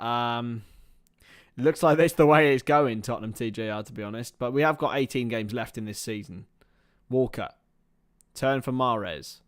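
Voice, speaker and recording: A man hosting a live football watchalong stream, swinging between excitable play-by-play and chatty asides with casual swearing. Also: mid-range voice. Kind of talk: casual live match commentary.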